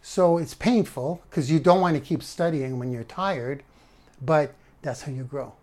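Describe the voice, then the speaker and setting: A man's voice: a little high, lively intonation, normal speed. A man hosting a live stream, giving a rambling motivational talk on earning money, emphatic and often repeating his phrases. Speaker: online business coach hosting a live stream.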